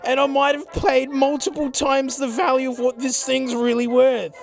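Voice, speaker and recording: A young man hosting a drum vlog, talking casually and excitably, going from low mutters to loud outbursts. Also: normal speed, vocal fry, soft background music. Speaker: drum channel host.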